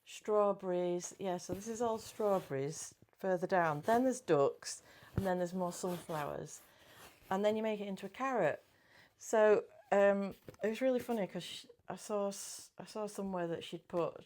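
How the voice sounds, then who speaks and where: Talking about cross-stitch in a relaxed chat, a giggly middle-aged woman keeps correcting herself as she goes. She has a fairly low, darkish-toned voice.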